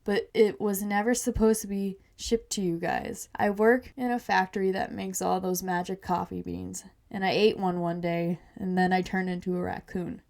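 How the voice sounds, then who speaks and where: A woman's voice: medium pitch, fairly even intonation, moderate pace, creaky, few pauses, darkish tone, close to an everyday voice. A woman voicing a scheming, bitter man turned into a raccoon, in a storybook podcast, with a sly, mocking manner. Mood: pleading.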